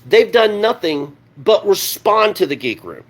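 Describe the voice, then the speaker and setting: A man's voice: high-pitched, big pitch swings, unhurried. A man ranting on a live stream, heated and sarcastic, swearing constantly and answering his chat. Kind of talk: profane live-stream rant.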